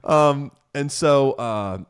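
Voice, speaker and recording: Speaking very slowly in a clear, resonant, medium-pitched voice, a young US podcast host recounts a story casually, bringing the quoted lines to life with animation.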